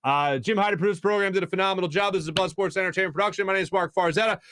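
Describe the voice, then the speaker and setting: Speaking very fast in a high voice, a sports radio host in his thirties with a Philadelphia accent spins rambling, energetic stories full of restarts. He's recorded on a studio microphone in a radio studio with no room sound.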